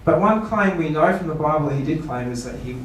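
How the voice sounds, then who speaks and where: Man preaching a seminar talk in a big echoey hall, mic set well back, fairly high voice. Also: lively intonation, fairly quick, a little hiss or hum. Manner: rhetorical questions, playful mock quotes. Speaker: pastor. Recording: echoey room, voice from far off.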